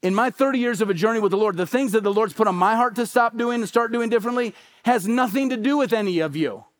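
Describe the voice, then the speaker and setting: Man, pastor, middle-aged, high-pitched, emphatic sermon delivery. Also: fast. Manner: emphatic preaching with repeated phrases and acted-out quotes.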